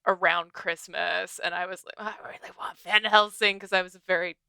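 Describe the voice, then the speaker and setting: A woman guest on a podcast, gushing and animated, talking in casual chat with quick laughs. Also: on the low side, creaky, clean tone, dry recording, clean studio sound. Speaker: podcast guest, TV and game writer.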